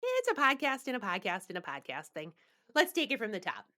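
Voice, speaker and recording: A woman's voice: medium pitch, huge pitch swings, brisk, pushed and bright. A woman co-hosting a theatre podcast, chatting breezily and narrating a story. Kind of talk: casual chat and story narration.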